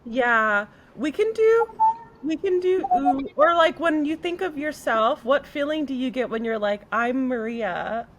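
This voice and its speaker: A woman's voice: high-pitched, lively intonation, measured pace. A young woman co-hosting a casual chat, laughing and sounding out made-up words. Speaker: co-host.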